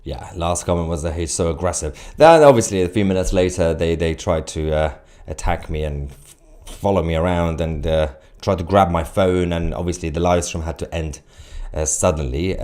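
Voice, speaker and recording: A man's voice: extremely low pitch, darkish tone. A man hosting a live stream, chatting casually and reading out viewer comments, with many fillers and restarts.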